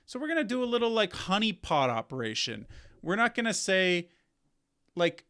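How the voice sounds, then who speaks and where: A man with a fairly high speaking voice talks through a casual commentary rant. He is animated and rambling and circles back to repeat his points. He sounds like a video creator thinking out loud. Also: normal speed. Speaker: content creator.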